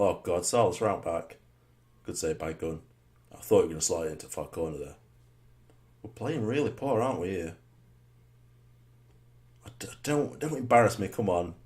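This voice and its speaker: A low-pitched man talks through his football match as he plays it. His voice swings widely, from grumbling under his breath to yelling, and he keeps asking himself rhetorical questions. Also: moderate pace, pauses often. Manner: muttered rhetorical asides with sudden excited shouts. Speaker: gamer commentating his own match. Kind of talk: live gameplay commentary.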